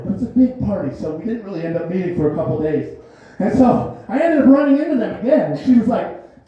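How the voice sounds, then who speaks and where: This stand-up comic's voice sits high and sounds expressive, fast and dark-toned as he rambles through a loose story, frequently cracking himself up. It was captured in a small comedy theater with a very echoey, dull sound.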